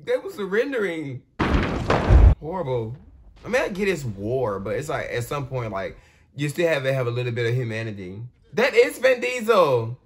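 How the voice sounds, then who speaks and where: A man giving casual, expressive commentary as he reacts out loud to a war movie. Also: mid-range voice, moderate pace, noisy background. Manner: expressive, talks back at the screen. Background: war film soundtrack playing.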